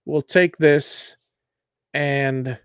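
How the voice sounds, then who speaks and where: Slow, unhurried man walking through software. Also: mid-range voice, steady tone, clean tone, dry recording, clean studio sound. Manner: slow, thinking aloud with fillers and self-corrections. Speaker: host of a CNC woodworking show. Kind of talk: live software tutorial.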